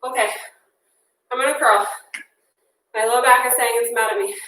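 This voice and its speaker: A woman's voice: on the high side, fairly even intonation, normal speed, fairly bright tone, slight background noise. A young woman leading an interval workout, counting down and cheering people on while out of breath. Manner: upbeat cueing, counting down and cheering on. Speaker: fitness instructor. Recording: echoey room, mic far off.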